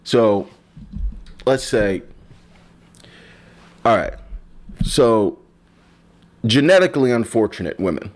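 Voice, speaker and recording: A man with a lowish, expressive voice takes his time, leaving long pauses as he hosts his own casual podcast. His delivery is rambling and jokey, and he often stops mid-thought to restart.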